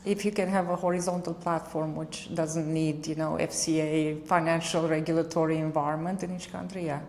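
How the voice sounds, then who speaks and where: A woman who founded a tech company, speaking as a podcast guest in a brisk, confident way, often saying "you know". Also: deep voice, little pitch movement, a little mellow, slight background noise. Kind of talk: conversational interview.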